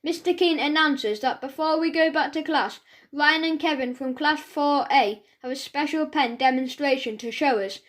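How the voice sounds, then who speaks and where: A woman reads a children's audiobook aloud, speaking as a schoolboy in a chatty, first-person way. Her voice sits high and bright. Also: normal speed. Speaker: audiobook narrator.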